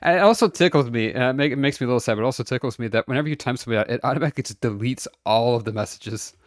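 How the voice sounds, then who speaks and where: Man, game streamer, playful, excitable, silly sing-song bits, dry close sound. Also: medium pitch, very fast, no echo. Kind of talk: casual game-stream chat.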